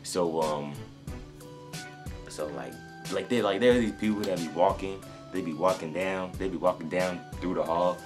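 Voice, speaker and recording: A sneaker vlogger from North Carolina, a young man with a low, deep voice, tells a long story to camera at normal speed. He rambles, restarts sentences and leans on fillers, with faint music behind him.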